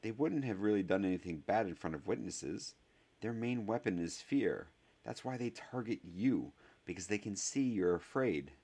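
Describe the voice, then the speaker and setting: An earnest boy of about eleven, intense and a little awkward, stumbling through words with halting ums, as a man reads him aloud in a storybook. The voice sits fairly low, only lightly lifted for the boy. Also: lively intonation, darkish tone, breathy edge. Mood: contrite. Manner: hesitant apology, faltering with ums.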